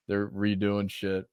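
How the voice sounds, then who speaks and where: A man's voice: lowish voice, bright, forceful tone, clean tone, no echo, clean studio sound. A man hosting a podcast in casual chat, laughing often and swearing freely. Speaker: podcast host.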